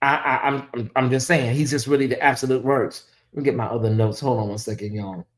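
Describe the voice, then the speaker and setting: A woman's voice: a bass voice, fairly even intonation, brisk. A gossip host, a woman, holds forth to her viewers in a loose, sassy rant. She rambles, piles on the fillers and keeps interrupting herself before swinging back to the point. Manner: sassy, ranting, talks straight to viewers. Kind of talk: celebrity gossip commentary.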